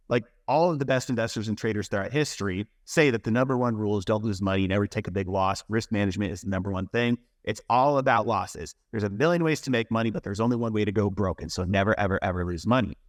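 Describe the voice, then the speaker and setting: A young man, a guest on a podcast, explaining trading in a casual, animated way and asking rhetorical questions. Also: fairly low pitch, dry recording, studio quality.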